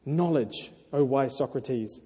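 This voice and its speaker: A man's voice: medium pitch, slow pace, mellow, slightly rough. A man reading aloud the lines of a pompous young man who fawns over a sage and then begs for air. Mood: fawning. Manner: fawning, then desperate. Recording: echoey hall.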